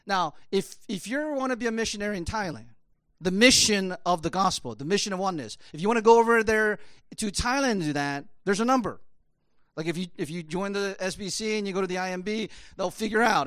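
A man's voice: sits high, a little fast, a bit bright, dry recording, studio quality. A man preaching a conversational sermon, rambling with many fillers. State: choked up, emotional. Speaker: pastor.

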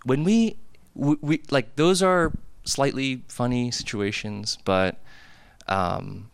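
A man in his thirties from the United States, a pastor, gives a casual personal sermon in a hall with a cafeteria. His medium-pitched voice is slow, creaky, and smooth, with no echo, as he tells confessional stories conversationally, full of "like" and "right?".

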